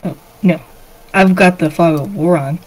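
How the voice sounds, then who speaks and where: Relaxed woman game master narrating. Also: lowish voice, normal speed, soft background music, poor audio. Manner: relaxed, filler-heavy narration.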